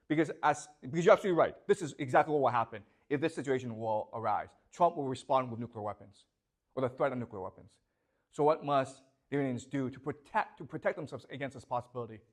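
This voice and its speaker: A man's voice: medium pitch, fast talker. A man lecturing a classroom, asking students questions and checking often whether they follow.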